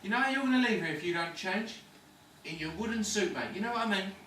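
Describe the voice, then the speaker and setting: A man's voice: high-pitched, lively intonation, quick pace, sharp tone. A man playing a cocky wide boy. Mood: lecturing. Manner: swaggering, lecturing, slangy. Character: cocky London ladies' man, cynical patient. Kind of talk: amateur stage-style film acting. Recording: echoey room, distant mic, faint noise.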